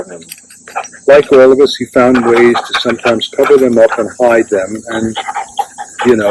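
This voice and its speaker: An older man speaks at a memorial for his late son in a middle-pitched voice, thinking out loud and restarting often. The recording is made outdoors, with a faint hiss and birds and insects behind him. His delivery is reflective and unscripted. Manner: rambling and reflective, many restarts and asides. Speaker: father giving a eulogy. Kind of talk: memorial speech.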